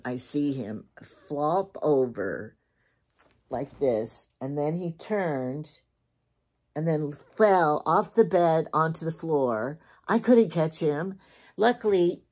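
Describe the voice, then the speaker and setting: Older lady with a low voice, just rambling on and chatting about her shopping. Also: darkish tone. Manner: chatty, rambling, thinks aloud and repeats herself. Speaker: shopping vlogger. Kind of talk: casual chat.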